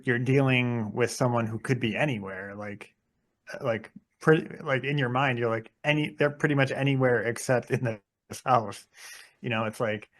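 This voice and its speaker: Man musing haltingly in casual chat. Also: medium pitch. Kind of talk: casual movie discussion.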